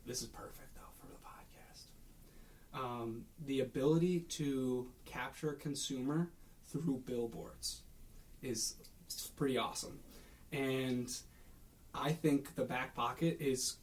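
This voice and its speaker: A man's voice: medium pitch, a little mellow. A young man co-hosting a podcast, chatting casually and telling rambling stories with plenty of restarts. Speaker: podcast co-host. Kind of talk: casual chat.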